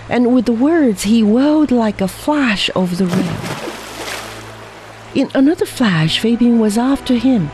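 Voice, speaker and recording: A narrator reading a story aloud in a slow, measured way. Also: mid-range voice, animated, music in the background, rough recording. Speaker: audiobook reader.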